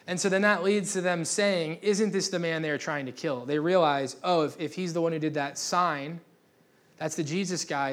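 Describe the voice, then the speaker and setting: Guy preaching sunday church, jokey and loose, voice a bit on the high side. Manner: casual, joking, restarts often. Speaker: pastor. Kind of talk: sermon. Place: church gathering.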